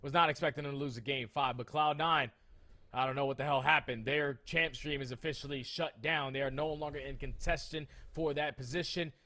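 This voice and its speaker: Male esports co-caster, emphatic and excitable, casual slang, mid-range pitch. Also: fairly quick.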